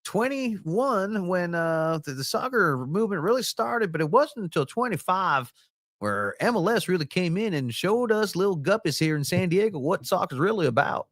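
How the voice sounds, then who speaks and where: A man voicing an old, grumpy soccer journalist reminiscing in a documentary, pitched well above his own voice. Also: very animated, moderate pace, a bit bright, no room sound, studio quality, full character voice.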